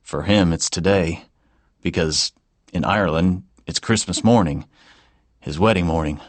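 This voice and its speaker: Audiobook role: male narrator as a tired young musician, deep and low-key. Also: unhurried, no room sound. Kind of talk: audiobook character voice.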